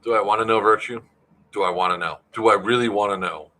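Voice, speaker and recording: Male event organizer, deep, bright-edged voice, casual rambling update style. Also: fast talker. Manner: rambling, filler-heavy, answers chat.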